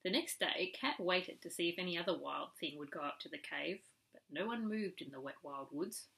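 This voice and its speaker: A woman's voice: lowish voice, expressive, normal speed, vocal fry, a bit bright, rough recording. A woman reading a classic storybook aloud to a small child, rhythmic and storytelling.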